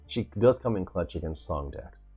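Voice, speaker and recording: A man hosting a casual card game deck review, talking in an excitable, hype-filled way and often trailing off to restart a sentence. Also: low voice, normal speed, husky, faint music behind. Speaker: card game video host.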